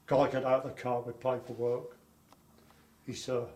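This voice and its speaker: An older man, interviewed for an oral history, rambles through memories of his wartime childhood with repetitions. His medium-pitched voice is a little slow, with fairly even intonation. The recording picks up room echo and faint background noise.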